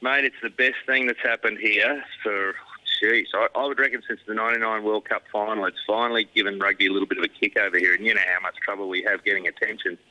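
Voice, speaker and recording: A middle-aged Australian man with a strikingly bright, forceful voice, talking rugby as a guest. He is laid-back and self-deprecating and drops "mate" into nearly every line. His tone is casual and full of banter. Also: on the low side, steady tone, fast talker, low-quality recording.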